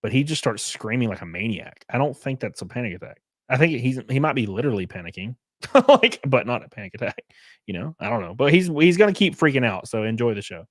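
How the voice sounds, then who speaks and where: A man talking casually on a live stream, animated, swearing freely and breaking into quick laughs. His voice sits in a middle range and the mic is close and dry. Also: medium pitch, no echo. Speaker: streamer host.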